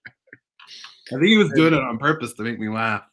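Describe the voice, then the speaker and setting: A man co-hosting a casual video-call interview, giggly and animated. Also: mid-range voice, normal speed. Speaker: co-host.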